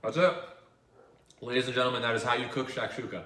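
A man's voice: medium pitch, flat delivery, fast talker, fairly bright tone, echoey room, distant mic. A man hosting a casual cooking vlog in a home kitchen, joking and self-deprecating as he rambles through the recipe.

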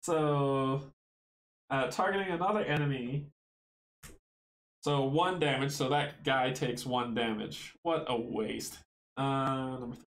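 A man's voice: mid-range voice, fairly even intonation, takes it slowly, long pauses, echoey room, poor audio. A man playing a tabletop board game solo, thinking aloud, counting out moves and chuckling often.

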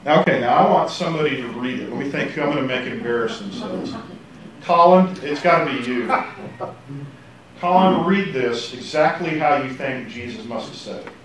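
A man teaching a casual Bible class, animated and joking, acting out quotes. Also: medium pitch, moderate pace, recorded from a distance. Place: church classroom. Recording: echoey room, faint hiss.

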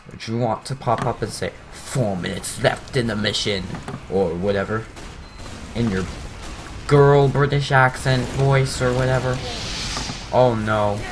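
A man's voice: medium pitch, noisy background. Rambling young man narrating his gameplay. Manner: rambling, self-mocking, excitable outbursts. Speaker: gameplay commentator. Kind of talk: casual gameplay commentary.

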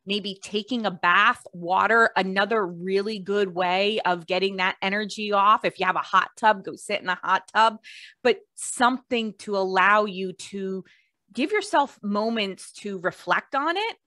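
A woman hosting a podcast in a relaxed, encouraging conversational way. Her voice is bright and forceful, and it is recorded dry, with no room echo. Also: medium pitch, unhurried. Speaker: podcast host. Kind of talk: casual conversational interview.

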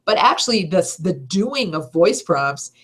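Middle-aged female voice-over coach, low-ish voice, energetic and emphatic seminar delivery. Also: unhurried, breathy edge. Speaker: voice-over teacher. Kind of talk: seminar talk.

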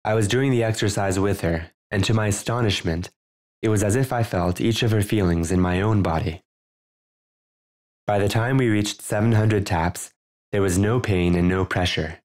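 A man with a deep, low voice narrates his own book in audiobook style. He tells his first-person story in a measured, earnest way. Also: darkish tone.

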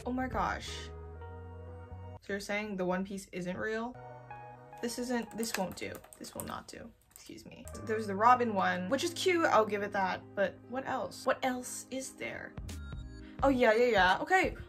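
A young woman chatting casually while browsing online, expressive and given to excited outbursts. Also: medium pitch, unhurried, over music. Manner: chatty, expressive, swings to loud excited squeals. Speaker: youtuber. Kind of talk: casual screen-recorded shopping commentary.

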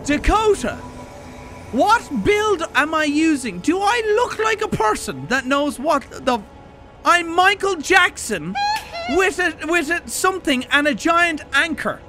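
Young male streamer, very high voice, panicky and profane, slow-paced delivery, clear music bed behind. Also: sing-song. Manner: panicky, yelling and swearing at chat. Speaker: gaming streamer. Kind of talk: live gameplay commentary.

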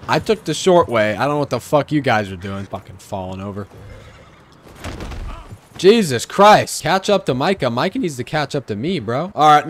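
A young man doing loud, profane, excitable commentary while playing a video game. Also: mid-range voice. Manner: profane, excitable trash talk. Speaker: gaming streamer. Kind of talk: gameplay commentary.

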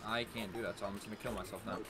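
A man chatting casually while playing a video game with friends, swearing and shouting when things go wrong. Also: on the low side, steady tone, racing, over music. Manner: swears a lot, yells when frustrated. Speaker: gamer. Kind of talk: casual gaming chat.

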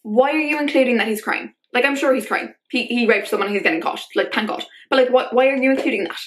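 There's a faint hiss or hum as a young vlogger rants to camera, exasperated and filling every gap with "like." She talks quickly in a slightly high voice.

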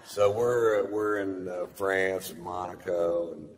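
A man's voice: low voice, fairly even intonation, unhurried. A middle-aged man doing stand-up comedy, telling a profane story in a drawling, rambling way from a theater stage. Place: large theater stage with audience. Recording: live theater recording with long reverb.

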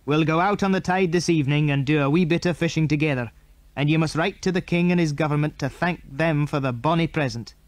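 A man's voice: on the high side, fairly quick, dry recording, lightly acted. A man voicing a proud, kindly fisherman father in an audiobook.

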